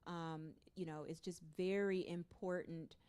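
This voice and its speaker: A woman's voice: on the low side, fairly even intonation, a little slow, darkish tone, smooth. A woman author from the American South answering questions at a book event, talking loosely with many fillers and restarts. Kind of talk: bookstore author conversation.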